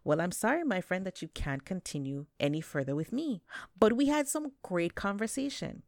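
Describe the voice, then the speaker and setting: A woman's voice: mid-range voice, very animated, normal speed, darkish tone, no room sound, studio quality, voice pushed up. A woman voicing a courteous man on the road in a told folktale. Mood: polite.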